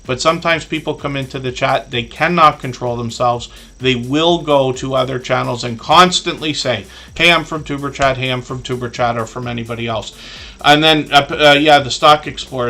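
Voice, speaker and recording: Bright-voiced man hosting a rambling live stream. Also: medium pitch, steady tone, fairly quick, faint music behind. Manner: rambling, earnest, with many fillers and asides. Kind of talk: casual live stream chat.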